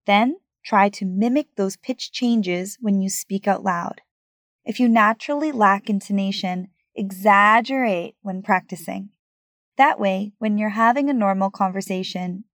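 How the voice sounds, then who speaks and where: A woman coaching English learners, giving a scripted, clear, evenly paced lesson narration. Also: mid-range voice, dry recording, clean studio sound.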